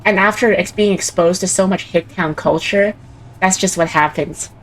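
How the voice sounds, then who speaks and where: A woman's voice: lowish voice, normal speed, slight background noise, rough recording. A young woman VTuber chatting while she plays a game. She rambles, giggles and mimics voices. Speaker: VTuber streamer. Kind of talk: casual chat while gaming.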